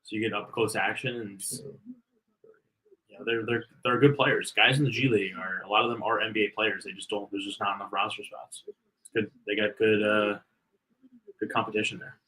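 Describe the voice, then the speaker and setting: A man's voice: on the low side, level tone, fairly quick, sharp tone, slight background noise, rough recording. A man co-hosting a live game watch party, chatting loosely and calling out score updates. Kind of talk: casual live game chat.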